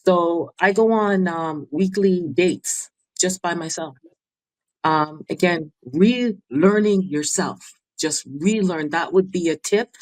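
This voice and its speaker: A woman's voice: fairly low pitch, slow, rough recording. A woman speaking as a guest and mentor on a podcast, earnestly giving advice in short, repeated phrases. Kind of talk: casual interview chat.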